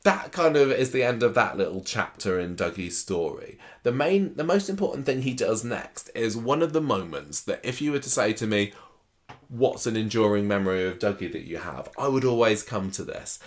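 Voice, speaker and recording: A man, chatting casually as a podcast host, animated and laughing often. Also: fairly low pitch, moderate pace. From southern England. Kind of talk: casual chat recapping a soap opera.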